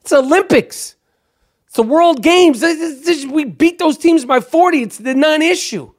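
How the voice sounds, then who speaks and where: A man does an impression of a gruff star point guard, exasperated and swearing as he complains about a teammate. His intonation is lively, his pace moderate, and he raises his pitch for the character.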